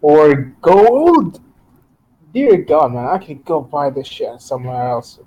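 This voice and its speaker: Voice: mid-range voice, very animated, takes it slowly, warm tone, lo-fi sound. A player in a tabletop game, talking bluntly and sarcastically while haggling. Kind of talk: casual tabletop game chat.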